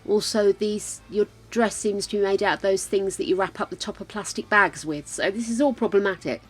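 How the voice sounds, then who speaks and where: A woman's voice: medium pitch, fairly even intonation, brisk, few pauses, slightly rough, faint music behind, poor audio. A woman from the UK chatting casually as a live streamer, muttering to herself while she plays a game. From United Kingdom. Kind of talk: casual gameplay chat.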